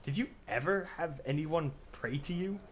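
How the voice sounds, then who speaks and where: A man's voice: a little high, normal speed, slight background noise, voice pushed up, natural voice. Smug god taunting his rival, a guy putting it on while chatting, loose and jokey. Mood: mocking. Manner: loose, half-joking retelling.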